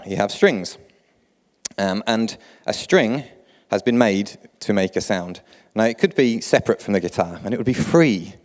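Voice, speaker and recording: A man's voice: lowish voice, darkish tone. A man leading his church in a casual, conversational sermon. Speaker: church leader. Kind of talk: informal sermon. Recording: long hall reverb.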